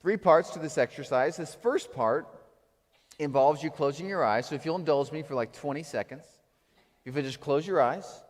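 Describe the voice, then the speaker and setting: Animated male pastor in a hall. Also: on the high side, moderate pace. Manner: animated, swings between acted outbursts and quiet reflection. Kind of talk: sermon. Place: church sanctuary.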